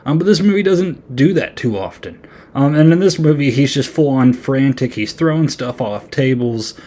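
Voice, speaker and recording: Casual male podcast host, average-pitched voice, loose and rambling recap style. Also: lively intonation, normal speed, mellow. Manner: loose, filler-heavy, rambling. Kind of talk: casual movie review.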